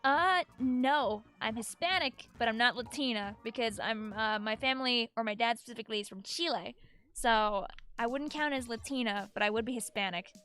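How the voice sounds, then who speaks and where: A high, bright-pitched woman with a Long Island accent chats loosely on a gaming livestream. She rambles from one thought to the next and answers viewers' messages as they come in, in an easy, talkative way. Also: moderate pace, clear, resonant tone. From New York, USA. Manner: chatty and rambling, answers chat messages aloud. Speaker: streamer. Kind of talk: casual livestream chat while gaming.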